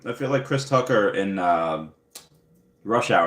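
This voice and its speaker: A man's voice: on the low side, lively intonation, brisk, reverberant. A young man hosting a casual livestream, reading viewer comments aloud and rambling with many fillers. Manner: rambling, filler-heavy, upbeat. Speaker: livestream host.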